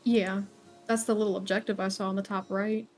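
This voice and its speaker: A woman's voice: medium pitch, level tone, fairly quick, darkish tone, soft background music. A woman co-hosting a gaming channel, chatting offhandedly while playing. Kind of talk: casual gaming chat.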